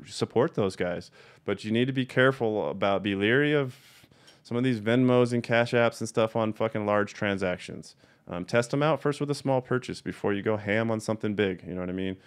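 A young man with a slightly low, smooth and clear voice rants in a casual video monologue. He talks bluntly and heatedly and swears constantly. He hammers his points home by repeating them. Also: brisk. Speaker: cannabis breeder.

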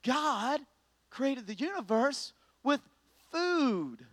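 A man preaching a sermon, telling a story with lively swings from hushed to loud, emphatic repetition. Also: a little high, normal speed, no room sound. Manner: repeats words when starting sentences. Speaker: pastor.

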